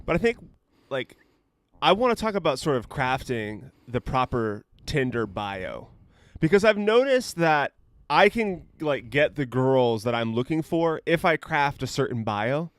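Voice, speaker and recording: A man's voice: medium pitch, sing-song, unhurried, no echo. A young man co-hosting a podcast, telling stories in a rambling, profane way full of "like" fillers. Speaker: podcast co-host. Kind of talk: casual chat.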